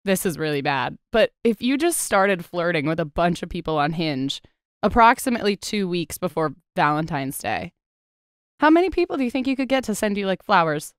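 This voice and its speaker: A woman's voice: lowish voice, brisk, clear, resonant tone, dry recording, studio quality. A young woman co-hosting a podcast, telling stories in casual chat and acting out what others said. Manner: lively storytelling, does voices of others. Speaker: podcast co-host.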